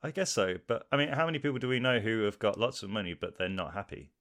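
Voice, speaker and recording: A man's voice: lowish voice, animated, fast talker, fairly bright tone. An English man in his thirties, an actor guest talking casually and with animation, laughing as he speaks. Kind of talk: casual interview chat.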